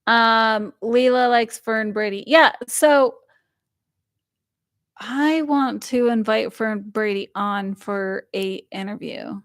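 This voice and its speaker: A woman's voice: fairly high pitch, slow pace, a bit bright, dry recording, studio quality. A young woman hosting a livestream, chatting casually and rambling with fillers while reading viewer comments aloud. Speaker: livestream host reading chat. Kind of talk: casual chat.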